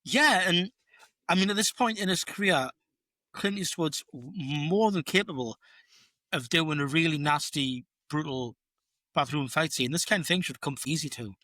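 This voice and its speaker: A man co-hosting a casual film podcast, animated and playful. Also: a little high, normal speed, no echo. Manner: animated, playful, does silly voices. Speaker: podcast co-host.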